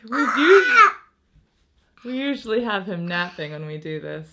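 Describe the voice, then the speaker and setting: Very noisy audio surrounds a mid-range voice that is very animated yet slow: an American vlogger in her thirties, chatting casually and breaking into laughter often between thoughts.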